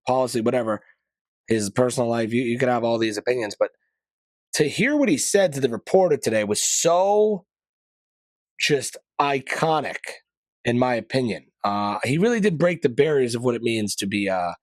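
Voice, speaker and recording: A man's voice: medium pitch, lively intonation, normal speed, no echo. Chatty man riffing on the news. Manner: chatty and rambling, opinionated asides; mild profanity, casual slang. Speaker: podcast host. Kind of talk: casual news commentary podcast.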